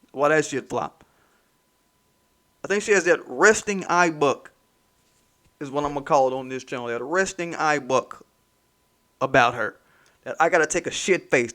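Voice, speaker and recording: A man's voice: on the high side, a bit bright. A man hosting his own commentary channel, ranting in a heated, mocking, profane way and repeating points for emphasis.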